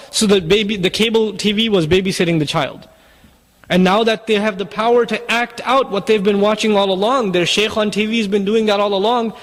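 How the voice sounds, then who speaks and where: A man's voice: high voice, big-room sound. A man giving a sermon in an urgent, exhorting way, full of rhetorical questions. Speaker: preacher.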